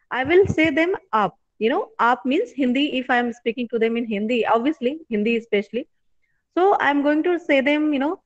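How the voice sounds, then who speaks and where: A professor in her forties from Bihar teaches an online class in an Indian English accent, her high voice sounding as if the upper frequencies are cut off. She keeps it conversational, uses "you know" a lot, and pauses to ask students questions.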